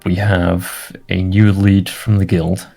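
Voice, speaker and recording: A man playing a tabletop game, talking in a dry, unhurried way. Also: low-pitched, little pitch movement, creaky, dark tone, soft background music. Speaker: player. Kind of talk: casual tabletop game banter.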